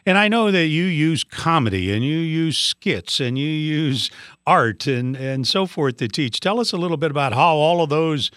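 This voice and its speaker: A man hosting a radio interview, asking questions with halting pauses. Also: a little high, animated, fairly bright tone, dry recording, clean studio sound. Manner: halting, searching for words in questions.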